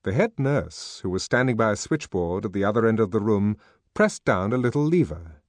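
A man reading an audiobook as narrator, in measured, expressive scripted storytelling. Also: fairly low pitch, no echo.

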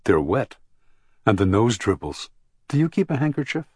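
A man voicing an emotional, awkward man in an audiobook, speaking in a halting, hesitant way. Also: lowish voice, sing-song, a little mellow, husky, no room sound, studio quality, voice pushed up. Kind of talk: audiobook character reading.

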